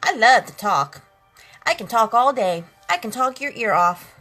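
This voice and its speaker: A chatty, sassy woman running a makeup live stream calls viewers girls and honey in a high-side voice that's expressive, unhurried, bright and forceful. The audio is poor, with faint eighties instrumental music in the background.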